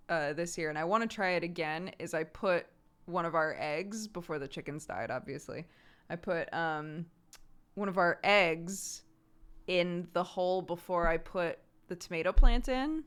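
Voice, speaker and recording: A woman streamer in her thirties chats with her viewers in a relaxed, talkative way. Her voice sits a touch low, and she tells home anecdotes and breaks into laughter often. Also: smooth. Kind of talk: casual chat with viewers. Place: home in the countryside.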